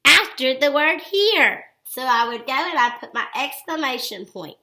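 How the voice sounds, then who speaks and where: Woman, elementary teacher, high voice, encouraging, expressive read-alouds, praise-filled. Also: measured pace. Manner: upbeat and encouraging, frequent praise. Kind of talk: phonics lesson for young children.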